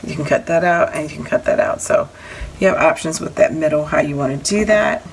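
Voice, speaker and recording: Lady with a lowish voice showing off her craft dies, chatty, kinda noisy recording at home. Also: brisk, vocal fry. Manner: chatty, self-correcting, apologetic asides. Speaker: crafting vlogger showing a haul. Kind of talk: casual show-and-tell. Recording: audible background noise.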